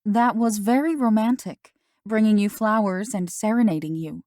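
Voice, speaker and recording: A woman voicing a mother who gently questions her daughter, in an audiobook. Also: medium pitch, normal speed, dry recording, studio quality, natural voice. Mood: gentle.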